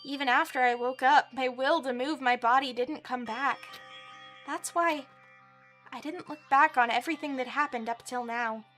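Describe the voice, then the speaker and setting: A weary young man narrates his fears and doubts, read aloud by a woman. The delivery is subdued and reflective, though the voice stays high and bright. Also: normal speed, soft background music. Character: gloomy, weary young male protagonist narrating. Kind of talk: reading game narration aloud on stream.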